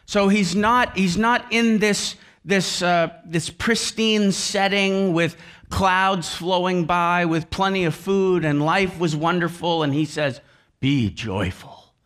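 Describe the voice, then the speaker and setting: Slow, high-voiced male preacher. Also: fairly even intonation, a bit bright, clean tone. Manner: emphatic preaching, repeats key phrases, sings a few lines. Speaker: pastor. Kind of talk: sermon.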